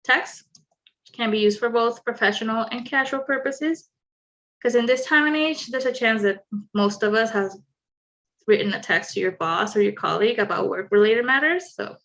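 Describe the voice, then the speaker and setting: A woman leading an online communication skills workshop, explaining clearly and adding light humorous asides. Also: fairly high pitch, moderate pace, a bit bright. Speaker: workshop presenter. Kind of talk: online training presentation.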